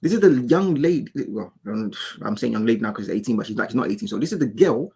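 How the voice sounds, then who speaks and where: A man's voice: medium pitch, expressive, fast, vocal fry, a little mellow, slightly rough. A man giving casual, insistent reaction commentary, often repeating and restarting his words as he argues his point. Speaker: commentary YouTuber.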